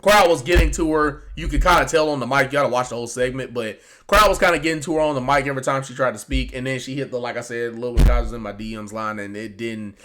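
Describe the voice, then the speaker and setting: A man's voice: medium pitch, fast, few pauses, a bit bright. A man giving casual, rambling reaction commentary on a show, with lots of fillers and restarts. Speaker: wrestling commentary YouTuber.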